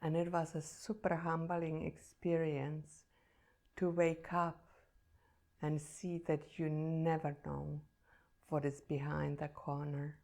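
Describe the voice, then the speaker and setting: A woman's voice: low-pitched, gravelly. A woman who teaches meditation, telling a personal story in an earnest, emotional and reflective way.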